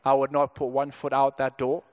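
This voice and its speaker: A man's voice: medium pitch, completely flat delivery, normal speed, clean tone. A young man from Zimbabwe, a pastor telling a personal story in a conversational sermon, often restarting his words. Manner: conversational, frequent stammered restarts.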